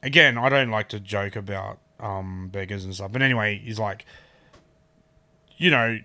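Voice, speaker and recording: A comedian with an Australian accent, telling stories in a rambling, casual podcast chat. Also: male voice, on the low side, moderate pace, pushed and bright, no echo. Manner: rambling storyteller, trailing asides. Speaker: comedian guest.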